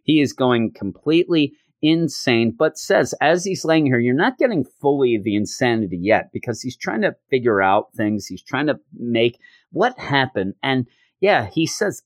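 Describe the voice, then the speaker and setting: A middle-aged man hosting a comic review podcast, talking with gleeful energy and bursting into voices. His pitch is mid-range, and the recording is close and dry with no room sound. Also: moderate pace, no room sound. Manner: animated, gleeful, acts out the dialogue. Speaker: podcast host.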